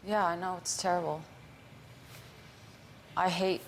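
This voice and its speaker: A woman's voice: on the low side, little pitch movement, a little slow, slight background noise. A woman on a talk show, arguing defensively with her husband in a TV studio. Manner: defensive, indignant. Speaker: guest. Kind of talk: heated argument with spouse.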